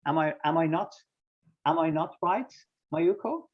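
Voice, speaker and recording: A man's voice: on the high side, expressive, a little slow, dull audio. A man teaching an online English class, patiently quizzing students by name and explaining word pairings, heard over a video call.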